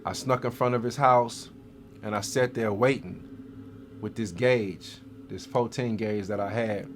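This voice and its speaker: A man's voice: fairly low pitch, fairly even intonation, a little slow, a little hiss or hum. A man telling his own life story as a guest, in streetwise slang with vivid, dramatic retelling. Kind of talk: first-person life story.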